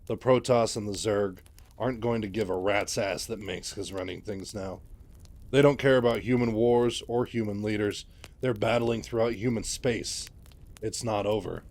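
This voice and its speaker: A man's voice: on the low side, steady tone, normal speed, a little mellow, lightly acted. A man voicing a tough, weary male ex-lawman rebel leader in a sci-fi game-lore retelling. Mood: grim. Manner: blunt, gruff, emphatic.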